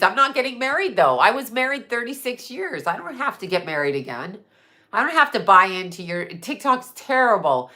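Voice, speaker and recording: A middle-aged woman talks straight into her live stream, blunt, profane and quick to laugh. Her voice is bright and sharp-edged. She hops from one topic to the next without warning. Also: mid-range voice. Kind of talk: casual live stream chat.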